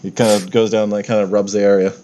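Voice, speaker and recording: A man's voice: on the low side, flat delivery, fast talker, heavy background noise. A man narrating a tabletop game as game master, playful and often correcting himself as he goes.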